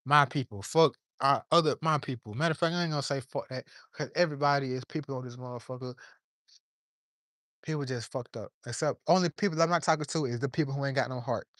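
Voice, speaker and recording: A man's voice: mid-range voice, fast talker, fairly bright tone, no echo, clean studio sound. A man giving an impassioned, profane monologue to camera from his yard, preaching in plain street talk while a little under the weather. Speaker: vlogger.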